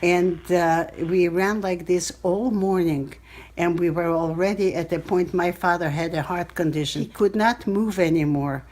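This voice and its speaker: An elderly woman in her eighties from Belarus tells her memories in an interview, her voice sitting a little low. She speaks haltingly, restarting phrases as she searches for words. It is captured on a cell phone. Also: steady tone, a little mellow. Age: 80s. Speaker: Holocaust survivor interviewee. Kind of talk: personal storytelling in an interview.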